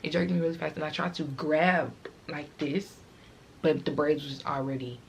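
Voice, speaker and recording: A woman's voice: sits low, steady tone, normal speed, creaky, slight background noise. A teenage girl vlogger telling a casual, rambling storytime, fighting back tears as she talks.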